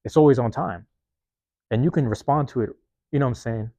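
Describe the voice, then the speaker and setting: A podcast host delivers a casual monologue in a warm, medium-pitched voice, speaking fairly quickly in a dry recording. His talk is profane, rambling and streetwise, yet self-reflective, and he keeps checking in with his listeners.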